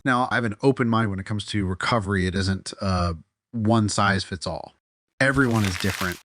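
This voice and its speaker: A man narrating a scripted commentary voice-over in a critical, measured way, with occasional fillers. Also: fairly low pitch, a bit bright, no room sound, studio quality.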